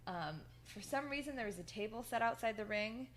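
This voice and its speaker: A woman's voice: a little high, lively intonation, fairly quick. Woman, podcast co-host, rambling casual recap, filler-heavy. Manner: rambling, lots of fillers, laughs through quotes. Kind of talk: casual chat recapping wrestling.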